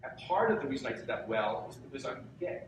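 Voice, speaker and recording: A middle-aged guest lecturer with a medium-pitched, sing-song voice talks fast to students, earnest and conversational, putting questions to his audience. Recorded in a lecture room, his voice sounds distant in a very echoey hall, with slight background noise.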